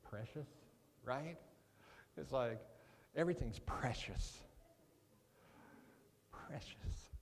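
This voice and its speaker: A man's voice: mid-range voice, lively intonation, unhurried, darkish tone. A male guest preacher delivers a sermon in a mid-range voice, chatty and joking with the congregation. He tends to stumble over the starts of sentences, doubling words before he finds his line. The sound carries a long church-hall reverb. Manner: conversational, joking asides, repeats words when starting sentences. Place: church sanctuary.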